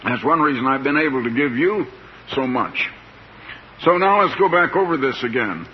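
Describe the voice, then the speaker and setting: An older man preaching a sermon in a slow, plain-spoken, folksy way, stretching out words for emphasis. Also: medium pitch, lively intonation. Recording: dull lo-fi tape with faint hiss.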